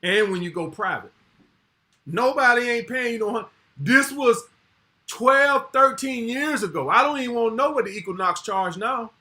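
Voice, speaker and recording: Bright high-voiced man. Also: lively intonation, moderate pace. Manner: laid-back, talks slang-heavy, blunt. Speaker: podcast co-host. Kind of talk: casual chat.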